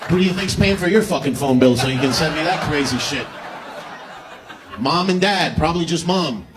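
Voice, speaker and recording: Guy doing a raunchy standup set, swearing a lot, voice kinda high for a man, noisy live recording. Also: lively intonation, moderate pace, crowd noise. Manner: crude, swearing, mocking. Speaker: stand-up comedian.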